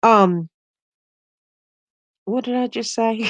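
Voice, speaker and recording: A middle-aged woman hosting a casual livestream, chatting with viewers, laughing often and telling animated stories. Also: medium pitch, unhurried, no echo. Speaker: YouTube livestream host. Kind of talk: casual livestream chat reading comments.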